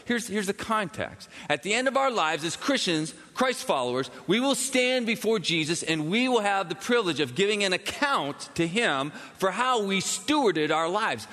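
Fairly high-voiced male preacher in a hall. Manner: animated preaching, acts out quoted voices. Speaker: pastor. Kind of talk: sermon.

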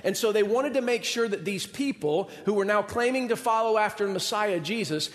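A man preaching a sermon, his voice pitched high for a man. He tells a story in an animated way, acting out the people in it. The hall around him carries a long reverb. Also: moderate pace. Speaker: pastor.

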